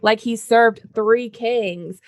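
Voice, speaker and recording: A woman co-hosting a podcast, chatting casually and reading book passages aloud in a low, even voice, with casual swearing in the talk. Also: takes it slowly, no room sound, clean studio sound. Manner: reads passages in a low, even voice, then swears freely in chat. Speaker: podcast co-host.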